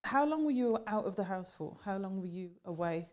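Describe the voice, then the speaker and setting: Mellow-voiced woman hosting an interview. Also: medium pitch, lively intonation, fairly quick. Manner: probing questions, soft backchannel murmurs. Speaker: interview host. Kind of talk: conversational interview.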